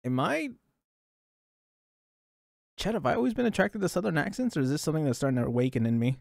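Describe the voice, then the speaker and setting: A young man streaming reactions, talking in an excitable, rambling way and laughing between thoughts. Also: on the high side, fast, creaky, no echo, clean studio sound. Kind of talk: casual reaction commentary.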